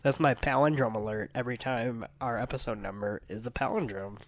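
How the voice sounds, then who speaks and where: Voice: medium pitch, a little fast, no room sound. A co-host of a film podcast in casual chat, playful and jokey. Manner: playful, jokey, puts on silly bits.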